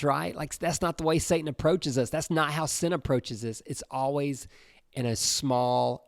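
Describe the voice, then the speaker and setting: Earnest man with a gravelly voice. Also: fairly high pitch, no echo, studio quality. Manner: earnest and conversational, with many fillers. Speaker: youth podcast host. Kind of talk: informal youth devotional talk.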